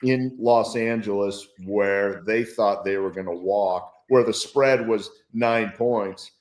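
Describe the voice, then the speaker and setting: Male guest analyst, low voice, enthusiastic, reflective, echoey room sound. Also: slow, darkish tone. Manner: enthusiastic and reflective, talks things through. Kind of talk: casual sports talk.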